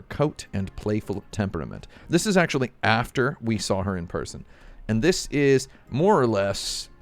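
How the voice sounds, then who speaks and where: A man's voice: sits low, a little mellow. A man streaming live, chatting casually and rambling with jokey asides to his chat.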